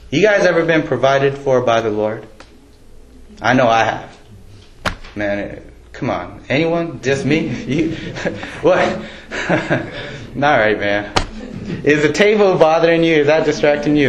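Casual preaching man, echoey church. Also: mid-range voice. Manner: conversational, joking with the congregation. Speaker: pastor. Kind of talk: casual sermon. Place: church sanctuary. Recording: echoey church room, faint ambience.

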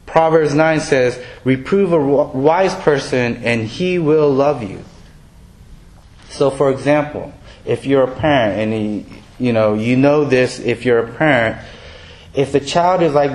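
A man's voice: medium pitch, unhurried, a little mellow. A man preaching a sermon in a conversational way, mixing scripture with everyday examples and playful voiced quotes. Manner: conversational, self-deprecating, acts out quoted voices. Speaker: pastor.

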